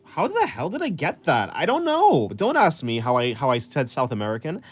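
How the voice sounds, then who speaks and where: A young man talks through a drawing stream, answering comments in a loose, rambling way and laughing at his own slips. His voice is lively and swings widely in pitch. Soft music plays faintly behind him. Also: a little fast. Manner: rambling, self-deprecating, laughs often. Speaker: artist streaming while drawing. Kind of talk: casual chat reading viewer comments.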